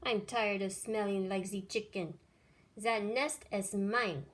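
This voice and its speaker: A woman's voice: mid-range voice, fairly even intonation, takes it slowly, close to an everyday voice. A woman voicing a huffy, pushy storybook duck with indignant exclamations.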